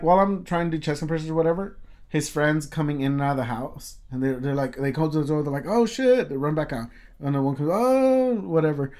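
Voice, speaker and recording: A man's voice: on the high side, darkish tone. A man telling a story in casual chat, rambling with lots of fillers and swearing freely.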